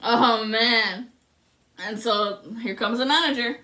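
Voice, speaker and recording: A woman's voice: fairly high pitch, takes it slowly, pushed and bright. A woman speaking as a spiritual reader in a passionate, profane rant to her viewers. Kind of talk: emotional monologue to camera.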